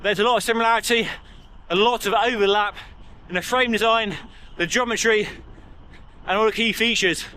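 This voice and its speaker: A man talking through a bike review in a measured, conversational way. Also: high-pitched, fairly even intonation, sharp tone. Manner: measured, conversational product comparison. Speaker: cycling reviewer.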